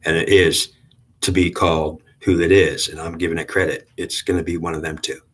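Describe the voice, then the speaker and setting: Deep-voiced male host, casual and halting, rambling spiritual talk. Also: flat delivery. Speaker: channel host.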